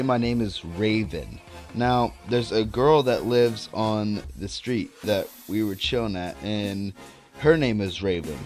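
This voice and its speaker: A young man vlogging a casual story, rambling and swearing freely as he tells it. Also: lowish voice. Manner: rambling, profane, animated storytelling.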